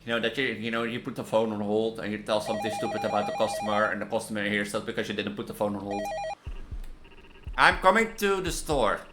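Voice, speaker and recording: A man's voice: on the low side, completely flat delivery, very fast, hardly any pauses, heavy background noise. A man playing a horror game, nervously muttering about jump scares while he commentates. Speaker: gamer.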